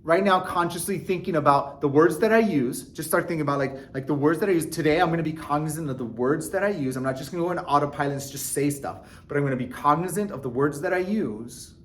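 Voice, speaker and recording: A man talking earnestly to his viewers in a casual motivational vlog, animated and full of restarts and fillers. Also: on the high side, quick pace, few pauses. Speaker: vlogger. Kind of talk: casual motivational talk to camera.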